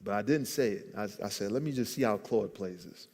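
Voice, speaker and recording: A man's voice: fairly low pitch, a little fast, a little mellow. A man telling a business story at a church event, acting out the people he quotes. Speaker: guest entrepreneur. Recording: long hall reverb.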